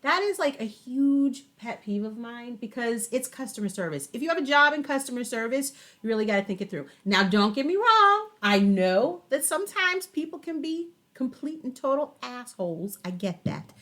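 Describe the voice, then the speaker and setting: A woman in casual podcast banter, ranting emphatically about pet peeves. Her voice is bright and fairly high. She drops a folksy "y'all" now and then. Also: big pitch swings, normal speed, few pauses. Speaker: podcast co-host.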